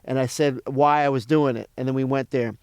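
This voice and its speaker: A man's voice: mid-range voice, brisk, smooth, no echo, clean studio sound. A man, a comedian guest telling a profane story in casual chat and acting out what others said. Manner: animated, profane, acts out other people's lines.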